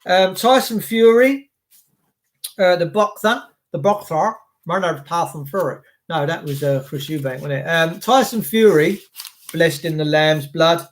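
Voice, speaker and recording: Sweary English man, high voice, indignant rant full of rhetorical questions. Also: a little slow. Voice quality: coarse, sweary. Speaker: commentator. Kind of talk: ranting monologue.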